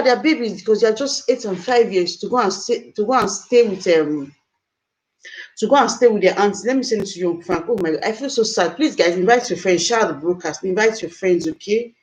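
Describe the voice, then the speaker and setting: A woman's voice: medium pitch, animated, fairly quick, a little mellow, poor audio. A woman hosting a live stream, talking to viewers in a distressed, emotional, exclaiming way. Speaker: livestream host.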